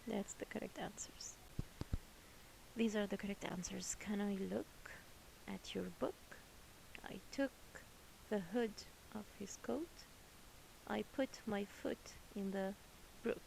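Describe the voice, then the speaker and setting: A woman's voice: mid-range voice, slow, gravelly, long pauses, darkish tone, slight background noise, rough recording. A woman teaching a children's English lesson, patiently repeating each word twice.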